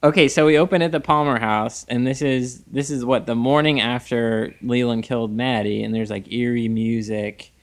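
A man's voice: mid-range voice, steady tone, normal speed, few pauses. A man co-hosting a podcast, recapping a TV episode in laid-back casual chat and laughing often. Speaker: podcast co-host.

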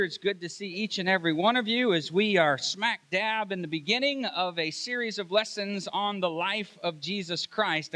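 A man's voice: sits high, pushed and bright. A man preaching a sermon from the pulpit to his congregation in a friendly, conversational way. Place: church sanctuary.

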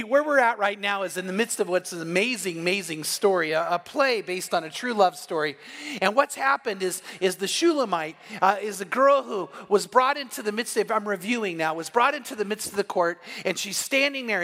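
Man, pastor, high bright voice, sermon told as a story, long hall reverb. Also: lively intonation, a little fast. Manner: retells a story, acting out the lines of each person in it.

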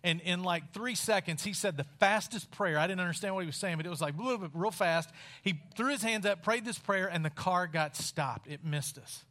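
A man from West Virginia preaching a sermon in a wry, conversational storytelling style with dramatic pauses. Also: sits high, sharp tone.

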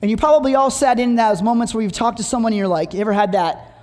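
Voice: medium pitch, quick pace, a little mellow. A preacher giving a sermon, reading scripture aloud and telling humorous stories. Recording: long hall reverb.

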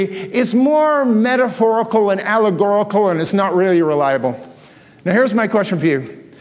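A male pastor preaching a sermon with passion, firing rhetorical questions at his congregation. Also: sits high. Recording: long reverb of a large hall.

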